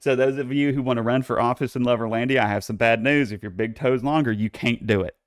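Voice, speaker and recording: A young man hosting a casual solo podcast, campy and playfully bossy, swearing freely and jumping into high squeals for jokes. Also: steady tone, quick pace, dry recording, clean studio sound. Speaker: podcast host.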